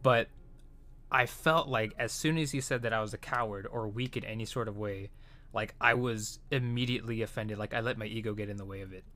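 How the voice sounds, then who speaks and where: A man's voice: lowish voice, steady tone, brisk, pushed and bright. A man casually telling a frustrating story from his retail job, rambling and swearing, with lots of fillers and restarts. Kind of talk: casual chat.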